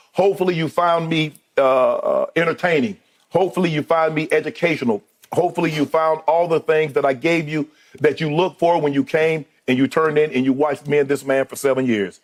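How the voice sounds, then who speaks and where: A man in his fifties who co-hosts a sports debate show gives a heartfelt farewell speech in a TV studio, choked up and restarting haltingly. His voice is a little high.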